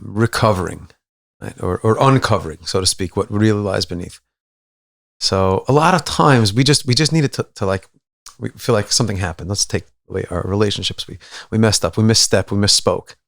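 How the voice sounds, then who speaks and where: A man who is a rabbi, a podcast guest telling a story in an animated way and acting out voices. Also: fairly low pitch, creaky, no room sound. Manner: animated, acts out voices, many restarts. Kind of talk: conversational storytelling.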